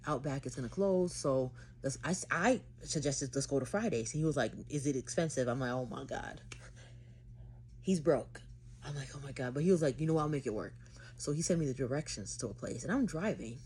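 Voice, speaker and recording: Low-voiced woman telling a dramatic story. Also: lively intonation, a little fast, darkish tone, a little hiss or hum. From Haiti. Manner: dramatic, chatty retelling with slang. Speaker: vlogger. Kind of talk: casual storytime vlog.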